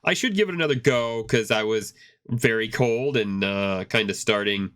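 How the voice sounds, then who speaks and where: Speaking at a moderate pace, this man has a fairly low pitch and a fairly bright tone, roughened by a cough he's trying to suppress. He co-hosts a gaming podcast and chats casually, rambling with many restarts.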